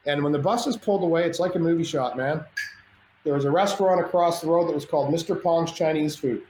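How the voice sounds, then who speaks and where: A middle-aged man telling a story as a podcast guest, animated and self-mocking, acting out the dialogue. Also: fairly high pitch, fast talker, slight background noise. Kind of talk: storytelling in casual chat. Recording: roomy echo, faint ambience.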